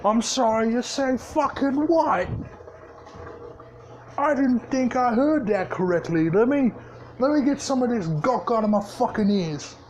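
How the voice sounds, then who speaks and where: A man's voice: a little high, expressive, unhurried, slight background noise. A man voicing a brutal, menacing male ork warboss who talks in crude ork slang. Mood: mock outrage.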